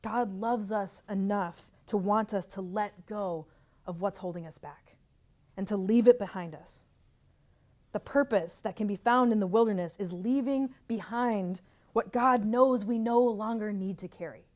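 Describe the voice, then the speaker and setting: Gentle reflective woman preacher. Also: medium pitch, measured pace. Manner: gentle, reflective, with trailing soft endings; personal storytelling. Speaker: pastor. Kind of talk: sermon.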